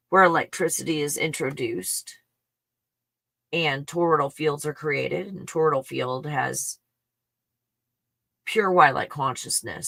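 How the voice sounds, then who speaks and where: Livestream host, excited monologue, bright forceful tone, dry close sound, prone to swearing and exclaiming. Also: mid-range voice, gravelly, no room sound. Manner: thinks aloud, bursts into exclamations; swears under breath. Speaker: live stream host.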